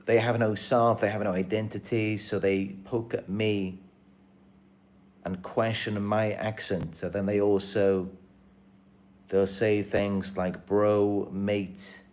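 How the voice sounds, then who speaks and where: A man's voice: fairly low pitch, level tone, slow. A man hosting his own channel, talking to camera in an earnest, repetitive, aggrieved live-stream monologue. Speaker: channel host.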